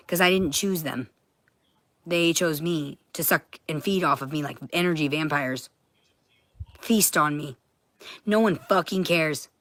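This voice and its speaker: A woman talking to camera in a heated, profane monologue that keeps bursting into shouting. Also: sits low, dry recording, studio quality.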